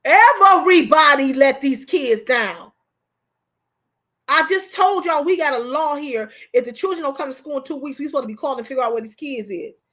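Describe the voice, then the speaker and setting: Lady on a livestream going off, high voice, loud and heated, talking to her chat. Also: quick pace, hardly any pauses. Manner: fiery and emotional, bursts into shouting. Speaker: livestream host. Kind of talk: impassioned live commentary.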